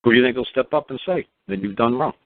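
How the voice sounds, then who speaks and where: A man's voice: medium pitch, fast, no echo. Brash profane man on a tinny line. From New York. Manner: brash, profane, repetitive rhetorical questions. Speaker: radio show host. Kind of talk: blunt call-in advice. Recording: tinny phone-line sound.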